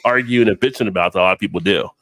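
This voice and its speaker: A middle-aged man hosts a casual live stream with a fairly low, relaxed voice. He talks frankly, swearing here and there, and his sound is close and dry with no room echo. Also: rapid-fire.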